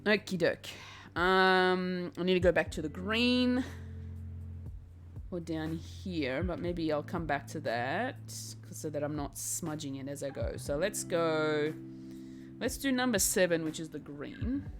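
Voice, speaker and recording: A woman's voice: on the low side, measured pace, over music. A woman streamer chatting casually with her viewers while she paints. She reads chat messages aloud and laughs often.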